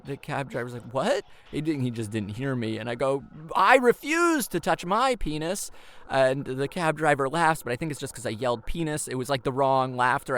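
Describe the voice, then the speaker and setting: A man in his twenties telling a comic personal story, rambling and self-deprecating, with many restarts, his voice jumping high when he acts out his own panic. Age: 20s.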